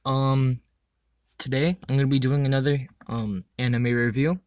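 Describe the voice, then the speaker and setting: A young man casually reviewing an animated show in a crude, rambling way, full of ums and swearing. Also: mid-range voice, normal speed, no room sound. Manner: rambling, crude, filler-heavy with frequent ums. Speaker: anime reviewer.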